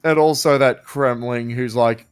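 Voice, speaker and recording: Man co-host, mid-pitched, easygoing game chat, dry mic, faint music behind. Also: steady tone, measured pace, clean tone, no echo. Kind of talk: casual gameplay chat.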